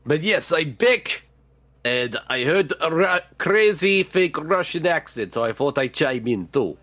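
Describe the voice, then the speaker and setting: A cocky character with a hammy fake Russian accent, put on by a man in a comedic podcast bit. His pitch bounces around a lot, and he talks in a showy, boastful manner. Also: wildly swooping pitch, normal speed, creaky, fairly bright tone, breathy edge, dry recording, exaggerated voice.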